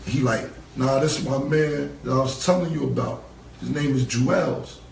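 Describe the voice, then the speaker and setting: A man's voice: mid-range voice, moderate pace, creaky, a little mellow, a little hiss or hum. A man telling a long story in a casual interview, acting out what people said along the way. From New York. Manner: rambling, acts out quoted dialogue. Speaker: interview guest. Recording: roomy, distant-mic recording.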